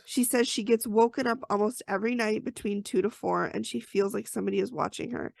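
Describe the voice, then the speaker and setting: A woman's voice: medium pitch, fairly even intonation, fairly quick, creaky, a little mellow, no echo. A woman hosting a podcast, recapping an episode in a chatty, storytelling way with personal asides. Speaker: podcast host.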